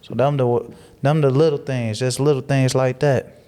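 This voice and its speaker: A man who is a guest on a casual podcast, talking in a preachy, motivational way, repeating phrases for emphasis and growing animated as he tells stories. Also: mid-range voice, normal speed, clear, resonant tone.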